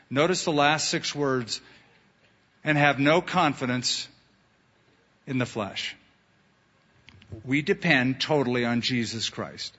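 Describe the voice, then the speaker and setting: Male pastor, sermon delivery, bright husky tone, lo-fi church recording with long reverb. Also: medium pitch, takes it slowly, long pauses. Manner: animated preacher, acts out quoted voices. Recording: dull lo-fi sound in a reverberant hall.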